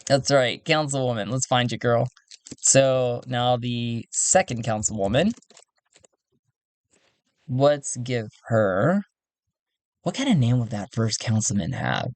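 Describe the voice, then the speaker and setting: A man thinking aloud as he plays a solo tabletop game, chatty and quick to laugh. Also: medium pitch, expressive, no room sound.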